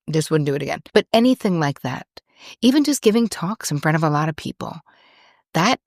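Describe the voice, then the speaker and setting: A woman's voice: on the low side, no echo, studio quality. A middle-aged American woman hosting a podcast, talking in a chatty, digressive, self-deprecating way. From United States. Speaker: podcast host. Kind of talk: casual monologue.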